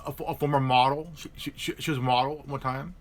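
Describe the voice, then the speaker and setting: A man's voice: medium pitch, fairly even intonation, fast talker. A man hosting a live stream, chatting casually about politics and stumbling over repeated words and restarts.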